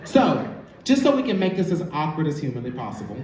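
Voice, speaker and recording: A man's voice: on the high side, big pitch swings, quick pace, darkish tone. Sassy man hosting a stage show. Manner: sassy, teasing, laughing often. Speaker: host of a live drag show. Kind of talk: live stage banter with audience member. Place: large theater stage. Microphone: filmed from the audience on a phone. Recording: echoey theater recorded from far off with crowd noise.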